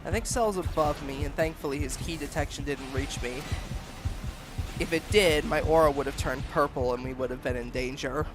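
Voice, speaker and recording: A casual streamer riffs on the gameplay, cracking jokes and talking straight to the chat. The voice sits at a middling pitch, with faint game music playing underneath. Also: normal speed. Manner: joking, chatty, talks to chat. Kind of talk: live gameplay commentary.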